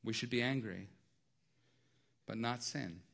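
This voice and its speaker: Pastor preaching with hushed-to-loud swings. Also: male voice, mid-range voice, measured pace, creaky. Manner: conversational, repeats phrases and asks "right?". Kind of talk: sermon.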